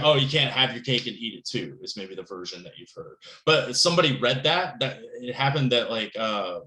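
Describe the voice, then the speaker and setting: Animated male lecturer in an echoey room. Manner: conversational, rambling with frequent "right?" and "um"; animated, pitch jumps up on emphasis. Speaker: writing instructor. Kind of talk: recorded lecture.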